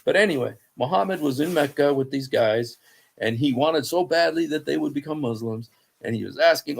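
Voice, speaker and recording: A man's voice: fairly high pitch, brisk, vocal fry. A man giving an informal talk on scripture, telling the story conversationally and acting out the quoted speech of the people in it. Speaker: Christian apologist speaker.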